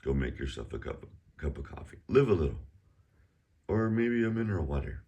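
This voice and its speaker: A man's voice: rumbling low, very animated, brisk, mellow, husky. A middle-aged man teaching a casual online Chinese lesson at home, chatty and prone to rambling asides. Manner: sings out exaggerated tones in pronunciation drills.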